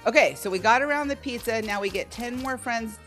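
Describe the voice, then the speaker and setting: A woman's voice: fairly high pitch, a little fast, fairly bright tone. A woman hosting a casual live slot stream from home, playfully chatting and greeting viewers by name. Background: faint slot game music.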